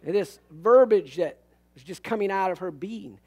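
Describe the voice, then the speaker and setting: High-voiced animated preacher. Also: male voice, measured pace, slightly rough. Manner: animated, swings from loud to hushed; folksy storytelling with humor. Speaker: pastor. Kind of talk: sermon.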